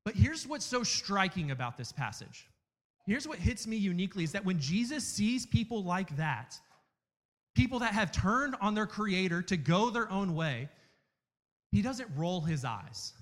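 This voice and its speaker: Male campus minister preaching, earnest and emphatic; fairly high voice, reverberant hall. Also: sing-song. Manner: earnest, emphatic repetition with dramatic pauses. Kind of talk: sermon.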